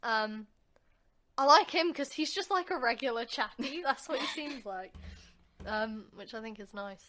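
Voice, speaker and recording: Bright, chatty young English woman. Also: fairly high pitch, expressive, a little slow, slight background noise. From England. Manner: chatty, rambling with many fillers. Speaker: podcast co-host. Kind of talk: casual chat. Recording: home podcast recording.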